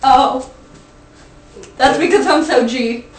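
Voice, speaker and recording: A woman's voice: high-pitched, slow. A young woman, goofy and laughing, protesting in mock alarm. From the American South. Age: young adult. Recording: echoey, distant mic, clear background noise.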